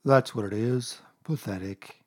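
A man's voice: medium pitch, a little slow, a little mellow, close to an everyday voice. Eeyore, a man doing a gloomy old donkey. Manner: mournful, sighing, sarcastic. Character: gloomy old grey male donkey, self-pitying. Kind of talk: storybook reading.

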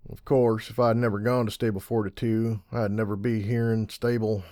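A man reading fan fiction aloud in an audiobook style, measured and wry. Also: on the low side, flat delivery, a little mellow, dry recording, studio quality. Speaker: audiobook reader.

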